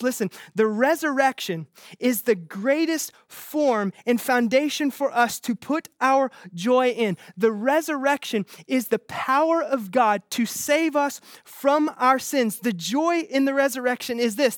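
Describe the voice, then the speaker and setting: A man preaching an earnest, emphatic sermon as pastor, with quick restarts. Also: very high-pitched, dry recording, clean studio sound.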